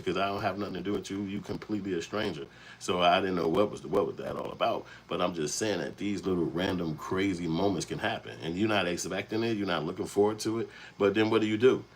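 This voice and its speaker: A man's voice: low-pitched, a little hiss or hum, rough recording. A man from Chicago's South Side, hosting his channel and telling a rambling, profane story in casual street talk. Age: adult, past young adulthood. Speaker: channel host.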